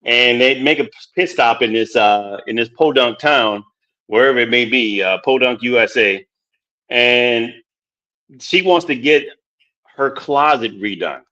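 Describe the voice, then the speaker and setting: A man's voice: mid-range voice, measured pace, pushed and bright. A man hosting a casual movie chat who rambles, repeats words and laughs often. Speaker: podcast host. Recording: dull lo-fi sound.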